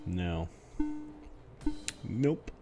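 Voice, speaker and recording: A man with a fairly low voice talks through a retro role-playing game as he plays it, in a playful, chatty way. He mutters asides to himself and now and then drops to a hushed tone. Faint game music sits quietly behind him. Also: lively intonation, very slow. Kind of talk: live game commentary. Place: home streaming setup.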